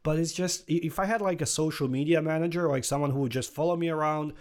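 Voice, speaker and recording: A man's voice: on the high side, fairly even intonation, fast talker. A man who does stand-up, co-hosting a podcast, talking in a hesitant, reflective way with frequent restarts. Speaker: podcast co-host, stand-up comedian. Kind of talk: casual podcast chat.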